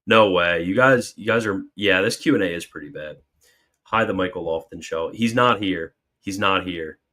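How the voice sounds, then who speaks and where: A man hosts a casual livestream, answering super chats by reading viewer questions aloud, joking with mock alarm, then explaining sincerely. His voice sits low, with a sharp tone and normal speed.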